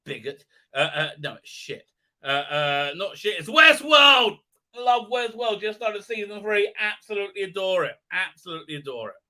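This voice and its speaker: A man's voice: high voice, animated, moderate pace, sharp tone. A man hosting a live stream, chatting casually in a rambling, sarcastic and self-mockingly grumpy way, swearing freely.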